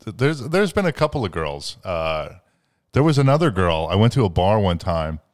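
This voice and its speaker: A man's voice: deep voice, very animated, moderate pace. A man hosting a podcast, telling crude stories in a rambling, profane way with lots of fillers. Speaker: podcast host. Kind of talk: crude casual chat.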